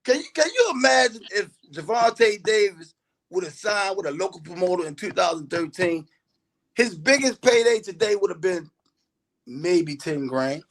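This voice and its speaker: Emphatic man coach, fairly high voice. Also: lively intonation, moderate pace, fairly bright tone, rough recording. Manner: emphatic, earnest. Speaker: boxing coach, podcast host. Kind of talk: casual podcast chat.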